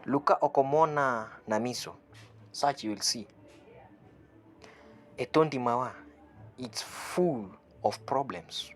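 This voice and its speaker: A man giving an online language lesson, saying phrases slowly, repeating them and translating each one, with a chuckle now and then. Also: mid-range voice, soft background music. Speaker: language teacher.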